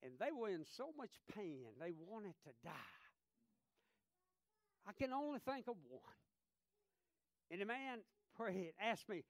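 A man preaching a sermon with passion, dropping to a hush and then rising loud, and reading scripture aloud in old wording. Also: sits high, big pitch swings, measured pace, long pauses, no echo, clean studio sound. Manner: impassioned, swinging from hushed to loud; reads scripture aloud in King James wording.

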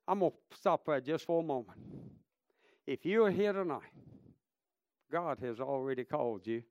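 A man preaching a revival sermon, swinging between shouted praise and hushed storytelling. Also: a little high, normal speed, pauses often, no echo. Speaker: traveling preacher.

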